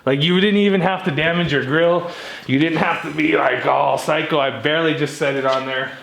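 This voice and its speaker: A man with a fairly high voice talks viewers through a repair in a relaxed, chatty way, calling them guys. He sounds like he is working in an echoey garage, and the camera mic picks up faint background noise. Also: normal speed, creaky. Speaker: DIY vehicle tutorial host. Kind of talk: casual hands-on how-to walkthrough. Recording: roomy echo with faint noise.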